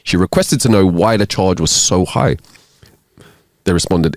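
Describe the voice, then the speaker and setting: A man co-hosting a casual comedy podcast, reading listener jokes aloud and playing the characters with lively put-on voices. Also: low-pitched, moderate pace, long pauses, no room sound, studio quality. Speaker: podcast co-host.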